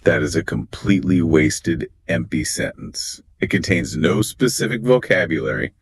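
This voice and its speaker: A man's voice: deep voice, animated, moderate pace, breathy edge, dry recording. A man co-hosting a scripted English exam lesson, explaining phrases and pronunciation in an emphatic, explanatory way. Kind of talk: scripted two-host lesson dialogue.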